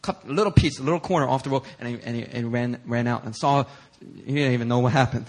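Husky-voiced pastor preaching a sermon. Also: male voice, mid-range voice, fast. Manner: animated storytelling, conversational. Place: church sanctuary.

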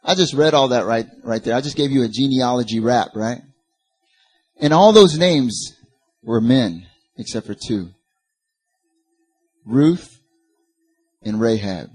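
A man's voice: medium pitch, a little mellow, husky. A man preaching a sermon, building to emphatic peaks and turning to the congregation with casual asides. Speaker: pastor.

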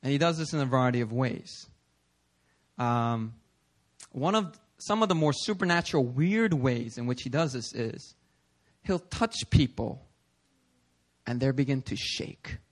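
A male pastor delivering a conversational sermon in a church, animated and prodding the congregation with "okay?" and "right?". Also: medium pitch, measured pace, long pauses. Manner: acts out listeners' voices in quotes. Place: church sanctuary.

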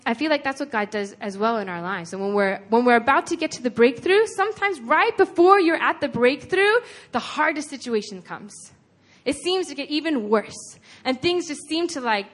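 Earnest conversational woman preacher. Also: high-pitched. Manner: conversational, earnest, retelling scripture with frequent "like". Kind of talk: sermon.

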